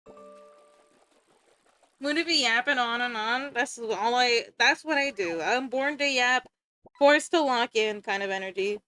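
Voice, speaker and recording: A woman's voice: fairly high pitch, a little slow, pauses often, bright, forceful tone, smooth, soft background music. A young woman streaming, chatting casually and rambling, easily sidetracked and giggling as she talks to her chat and friends.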